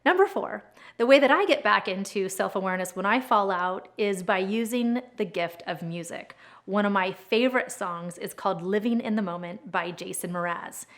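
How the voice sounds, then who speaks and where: A woman's voice: medium pitch, normal speed, fairly bright tone. A woman giving an earnest, encouraging self-help talk about her own growth, in a reflective way.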